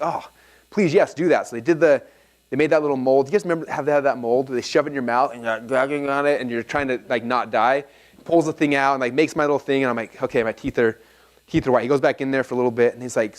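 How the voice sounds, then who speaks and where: A man in his thirties giving an energetic seminar talk, telling anecdotes and acting out both sides of the dialogue. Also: mid-range voice. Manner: fast, animated storytelling, acts out dialogue. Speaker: speaker at a live seminar.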